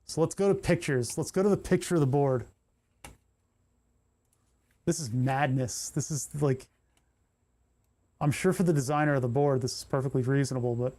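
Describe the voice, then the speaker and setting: Man, livestream soldering talk, mellow dark tone, explains then mutters, frustrated swearing. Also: medium pitch, moderate pace, pauses often. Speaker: streamer building electronics kits. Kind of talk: casual livestream commentary while soldering.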